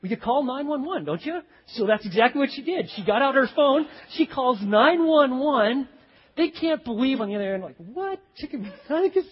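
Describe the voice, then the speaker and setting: A man's voice: extremely high pitch, moderate pace, slightly rough, long reverb tail, highs cut off. A man preaching a sermon, telling stories and acting out the voices of the people in them. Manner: animated storytelling, acts out quoted voices. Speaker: pastor.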